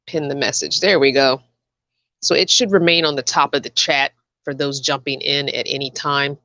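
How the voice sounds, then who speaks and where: A woman hosts a relaxed live-stream, greeting viewers by name and laughing often. Her voice is groggy and a little scratchy, as on a tired morning. She talks at an easy, unhurried pace into a headset mic with a dry, close sound. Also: a bass voice, no echo. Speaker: vlogger hosting a live chat. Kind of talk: casual live-stream chat.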